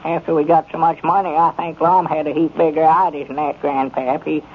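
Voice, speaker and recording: An actor playing a worried, simple-hearted country storekeeper with a rural Arkansas accent, talking in a halting, fretful drawl. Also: male voice, fairly high pitch, little pitch movement, natural voice. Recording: muffled 1930s radio broadcast with faint hiss.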